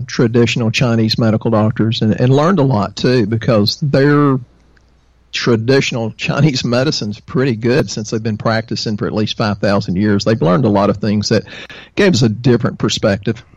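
A man's voice: medium pitch, moderate pace. A Texan man talks as a podcast guest, explaining health topics in a rambling, folksy way full of fillers. His recording sounds dull and lo-fi, but dry, with no room echo. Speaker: guest, natural health practitioner. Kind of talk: casual interview.

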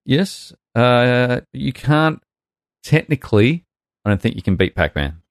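A man's voice: medium pitch, big pitch swings, a little slow, dry recording, clean studio sound. A man co-hosting a casual gaming podcast, chatting and reading listener emails aloud. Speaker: podcast co-host. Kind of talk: casual chat.

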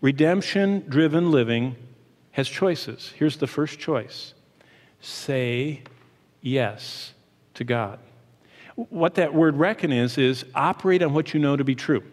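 A middle-aged man preaching a sermon as pastor, animated, shifting his pace and emphasis as he teaches. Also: on the high side, takes it slowly. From Michigan, USA. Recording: long hall reverb.

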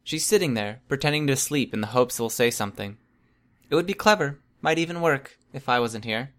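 A man voicing a sharp, smug teenage girl who reads people, speaking in a knowing, dry, slightly wiry tone. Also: medium pitch, quick pace, lightly acted.

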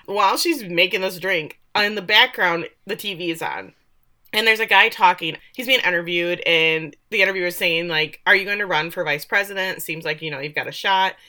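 A woman co-hosting a podcast, recapping a TV episode in casual chat, animated and sarcastic, swearing offhand. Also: on the low side, moderate pace. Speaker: podcast co-host recapping a TV show.

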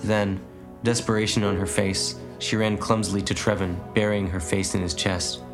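A man narrating an audiobook story in a measured, even way. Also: lowish voice, over music. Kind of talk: audiobook reading.

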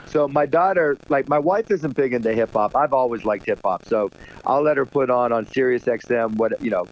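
A man's voice: mid-range voice, fairly quick. Laughing middle-aged man, muffled line. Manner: rambling, laughs often, many fillers. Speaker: guest. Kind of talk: casual radio interview chat.

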